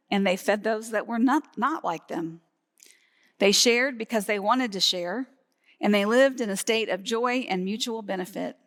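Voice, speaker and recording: During a live Sunday service in a church sanctuary, a woman pastor preaches her sermon, teaching steadily and laughing lightly now and then. Her mid-range voice has a fairly bright tone, and the recording carries long hall reverb from the church.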